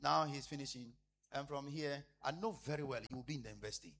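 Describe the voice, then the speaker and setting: A man preaching a sermon as a pastor, repeating phrases emphatically and swinging between loud declarations and hushed asides. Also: medium pitch, quick pace, a little hiss or hum.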